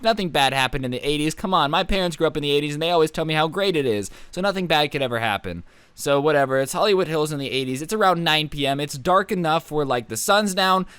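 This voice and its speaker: A man's voice: on the high side, clear, resonant tone, no room sound. Chatty young man telling a story. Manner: chatty, animated retelling with asides. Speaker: storytime YouTuber. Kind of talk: storytime vlog narration.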